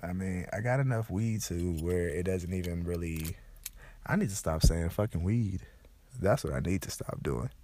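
A young man with a low, congested voice tells loose, profane stories at normal speed, ranting casually and animatedly.

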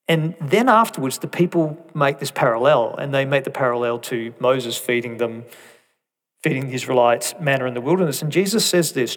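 A man preaching a sermon, conversational and animated, swinging between emphatic peaks and soft asides with rhetorical questions. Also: medium pitch, a little fast.

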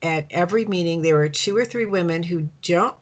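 Low-voiced woman interviewer, hesitant. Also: fairly quick, dull audio. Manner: thoughtful, hesitant, many fillers. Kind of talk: conversational interview.

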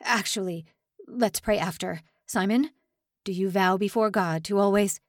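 Woman doing a gentle old male pastor. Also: mid-range voice, no room sound, clean studio sound, lightly acted. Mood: urgent. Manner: gentle, pious, measured.

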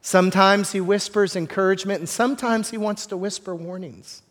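Conversational preacher in a reverberant hall. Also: male voice, sits high, steady tone, a little fast, a bit bright. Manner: conversational, repeats words as he builds a point; joking asides to the congregation. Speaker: pastor. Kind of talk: sermon.

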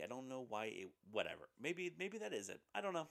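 A man's voice: mid-range voice, sing-song, fast talker, vocal fry. A man co-hosting a podcast, chatting casually about movies and hesitating often with ums and uhs. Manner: rambling, hesitant with many ums. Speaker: podcast co-host. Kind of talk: casual film discussion.

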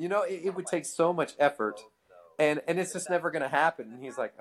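A man's voice: fairly high pitch, fast talker. Laughing man telling a story. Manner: animated, laughs often, acts out quotes. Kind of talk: casual storytelling chat.

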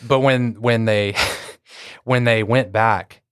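A man's voice: mid-range voice, steady tone, takes it slowly, smooth, dry recording, clean studio sound. A man with a sore throat, rambling through casual podcast chat with frequent restarts. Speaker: podcast guest.

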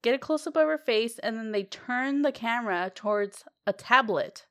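A woman's voice: on the high side, lively intonation, normal speed, fairly bright tone. A woman co-hosting a podcast in casual chat, rambling and giggling, swearing freely. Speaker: podcast co-host.

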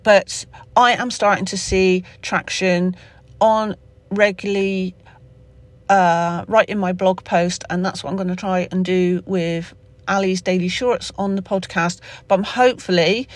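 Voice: mid-range voice, steady tone, unhurried, no room sound. A podcast host with a Somerset accent talking off the cuff in a solo episode, rambling with lots of fillers and restarts. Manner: rambling, with many fillers and self-corrections. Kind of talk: unscripted solo podcast monologue.

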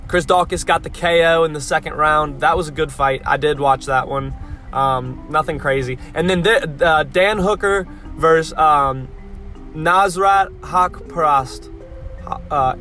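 A man's voice: fairly high pitch, bright, forceful tone. A young man giving a casual, profane rant about fight results, blunt and rambling with lots of fillers, stopping to spell out hard names letter by letter. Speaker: fight-sport vlogger.

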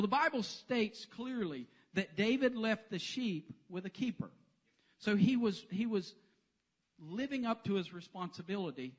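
A man preaching a sermon in a church sanctuary, telling the story with humor. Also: high-pitched. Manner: animated, joking storyteller. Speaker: pastor.

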